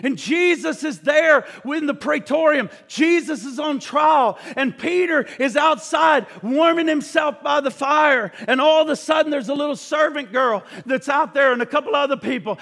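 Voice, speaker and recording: A male preacher giving an impassioned sermon who swings between shouting and hushed speech. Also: very high voice, moderate pace, creaky, hardly any pauses, long reverb tail.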